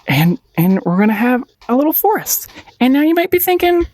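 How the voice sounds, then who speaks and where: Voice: sits high, sing-song, fairly quick, a little mellow, dry recording, studio quality. A painting instructor giving a casual paint-along tutorial, playful and encouraging, often giggling and repeating short phrases.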